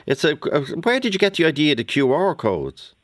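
A man with a Dublin accent hosting a radio talk show, enthusiastic and quick to heap praise on his guest. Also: fairly high pitch, wildly swooping pitch, no echo. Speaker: radio phone-in host.

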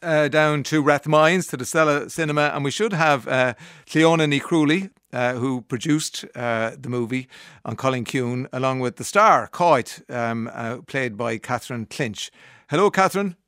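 A man's voice: mid-range voice, moderate pace, a bit bright, clean tone, dry recording, clean studio sound. A man hosting a live radio interview, chatty with frequent restarts. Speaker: radio host.

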